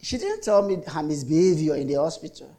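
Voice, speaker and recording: A man's voice: on the high side, big pitch swings, brisk, warm tone. A middle-aged Nigerian man preaching a sermon as a pastor, telling stories in a chatty way with lots of repetition. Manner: chatty storytelling with repetitions and mock voices.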